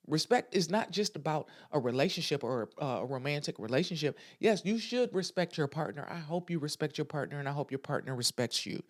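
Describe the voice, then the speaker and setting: A woman's voice: low-pitched, a little mellow. Blunt, emphatic woman podcaster. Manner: emphatic, repeats phrases for stress; talks straight to listeners, frank and blunt. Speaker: podcast host. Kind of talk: casual motivational podcast monologue.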